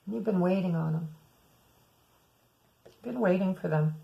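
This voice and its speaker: A woman's voice: lowish voice, normal speed, creaky, lo-fi sound. A woman giving a weekly tarot reading, musing aloud and speaking to her viewers as "some of you.". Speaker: tarot reader.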